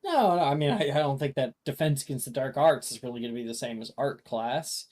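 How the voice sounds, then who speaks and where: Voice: mid-range voice, brisk, a little mellow, lightly acted. The game master voicing a nervous, awkward boy wizard student who stammers.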